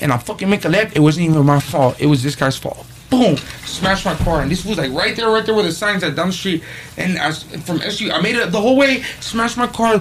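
A man telling profane, animated street stories in casual talk. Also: high-pitched, slight background noise. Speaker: podcast guest, rapper. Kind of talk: casual storytelling.

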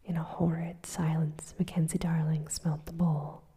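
A woman reading a storybook aloud in a breathy whisper, softly voicing the characters' lines. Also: low-pitched, level tone. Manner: soft, unhurried reading that voices the characters' lines.

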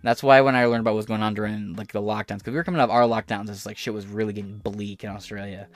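A man's voice: on the low side, steady tone, quick pace, no room sound. An American man hosting a podcast, rambling through a casual, profane and sarcastic rant that drifts off topic. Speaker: podcast host. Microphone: audio-only podcast mic.

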